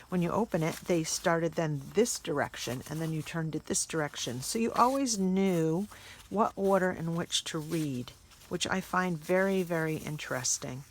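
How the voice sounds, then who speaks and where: Woman vlog host, lowish voice, casual and chatty, reads letters aloud, faint room ambience. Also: slight background noise. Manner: chatty, stops to puzzle over words. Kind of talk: casual chat, reading old letters aloud.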